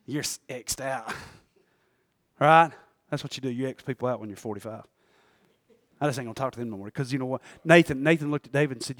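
A man preaching a sermon, emphatic and folksy, swinging between loud exhortation and quiet asides. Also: mid-range voice, quick pace, no room sound, studio quality. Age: 40s. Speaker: pastor.

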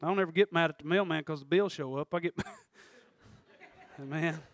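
A man preaching a sermon in church, swinging from shouted passion to quiet, conversational asides and laughter. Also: a little high, normal speed, no room sound. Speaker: pastor. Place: church service.

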